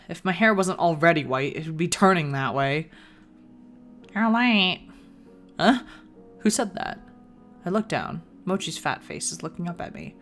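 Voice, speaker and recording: A woman's voice: sits low, fairly bright tone. A woman reading a visual novel aloud in the first person, with playful asides of her own. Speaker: gaming video creator.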